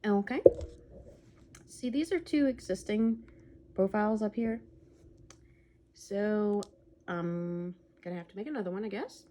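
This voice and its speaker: A woman's voice: medium pitch, unhurried, pauses often, mellow, a little hiss or hum. A woman giving casual, rambling gameplay commentary as a let's play host, humming to herself between remarks. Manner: rambling, chatty, hums to herself.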